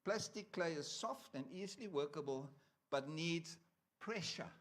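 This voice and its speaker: High-voiced male preacher, joking. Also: a bit bright. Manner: conversational, joking with the congregation. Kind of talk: sermon. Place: church.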